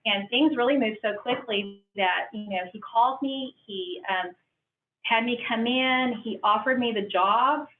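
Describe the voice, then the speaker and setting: A woman's voice: on the high side, a little slow. A middle-aged woman speaks earnestly and emotionally, acting out the quoted lines of her story. She is heard from far off in a roomy hall, with a narrow, phone-like sound and faint hiss. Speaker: franchise owner speaking at a business conference. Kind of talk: personal testimony talk.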